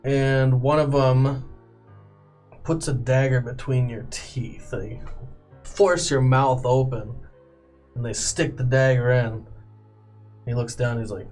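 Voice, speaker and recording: A man serving as game master in a tabletop game, narrating violent scenes in slow, graphic detail. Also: mid-range voice, fairly even intonation, a little mellow, soft background music.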